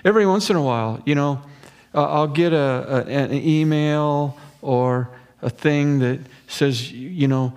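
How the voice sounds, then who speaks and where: Earnest preaching man, slightly high voice. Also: a little slow, a little mellow. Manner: earnest, conversational preaching with folksy asides. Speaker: pastor. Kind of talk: expository sermon.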